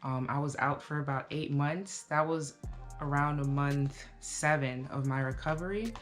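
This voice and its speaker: A woman in her thirties giving a casual, reflective life update to camera, talking slowly with many fillers. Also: low voice, soft background music. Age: 30s. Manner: relaxed, reflective, with frequent fillers. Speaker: vlogger.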